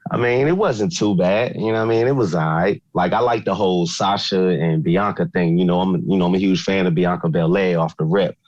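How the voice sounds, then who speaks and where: A man's voice: deep voice, fairly quick, hardly any pauses, darkish tone, dry recording, muffled recording. A man co-hosting a wrestling podcast in laid-back, slangy casual chat that rambles. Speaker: podcast co-host.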